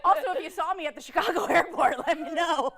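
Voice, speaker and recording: A woman's voice: extremely high pitch, fast talker, fairly bright tone. A young woman from Michigan co-hosting a TV morning show, telling a story in casual chat, laughing often and saying "like" a lot. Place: TV studio.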